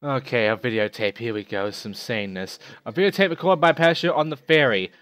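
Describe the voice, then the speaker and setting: A man's voice: mid-range voice, lively intonation, brisk, a bit bright, a little hiss or hum. A young man hosting a let's play, reading game items aloud with profane, jokey, self-mocking asides. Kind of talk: casual gameplay commentary, reading items aloud.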